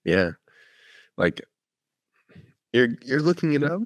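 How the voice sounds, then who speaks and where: A man's voice: medium pitch, sing-song, slow pace, no echo. A man co-hosting a podcast in casual chat, laughing often and spinning rambling hypotheticals. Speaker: podcast co-host.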